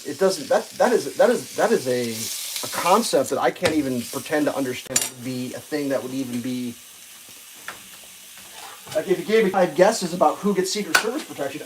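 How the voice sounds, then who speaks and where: A woman's voice: sits low, normal speed, noisy background. A woman hosting a livestream, ranting casually with profanity, many restarts and exasperated asides. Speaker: livestream host.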